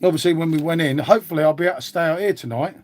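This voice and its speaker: A man's voice: a little high, very fast, darkish tone. Chatty man rambling on a stream. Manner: rambling, chatty, swears casually. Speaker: live streamer. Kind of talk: casual live-stream chat. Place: outdoors.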